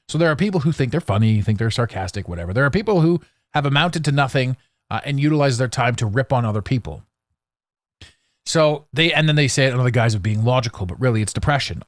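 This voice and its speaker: Male podcast host, solo monologue; lively pitch, blunt and sarcastic, dry close sound. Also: no echo. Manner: animated, blunt and sarcastic, with restarts.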